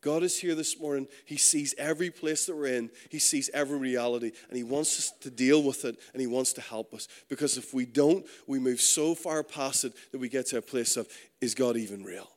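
A male pastor preaching an earnest sermon, dropping low and soft then rising to punchy emphasis, acting out quoted inner voices. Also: steady tone, fairly quick, hardly any pauses.

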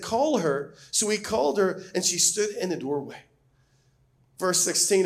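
High-voiced man preaching a sermon. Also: big pitch swings, a little slow. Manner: earnest, emphatic preaching with rising questions. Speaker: pastor.

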